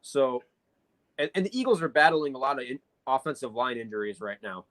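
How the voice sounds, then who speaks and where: A man's voice: medium pitch, animated, fairly quick, a bit bright, rough recording. Chatty man breaking down football games. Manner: analytical, talks at length with many fillers. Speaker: podcast co-host. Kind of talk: casual sports chat.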